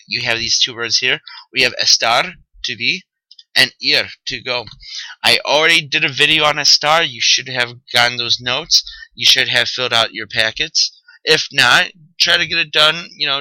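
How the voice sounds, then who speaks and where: A man's voice: mid-range voice, sharp tone, no room sound, low-quality recording. A man teaching a recorded vocabulary lesson, upbeat and joking, checking in with "okay?" often. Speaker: Spanish teacher.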